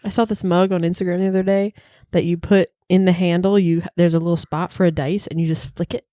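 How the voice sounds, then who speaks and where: A young woman chatting casually with friends on a gaming podcast, giggly and excitable. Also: on the low side, fast talker, dry recording, clean studio sound. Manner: giggly, excitable, bursts into song. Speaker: podcast player. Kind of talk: casual group chat.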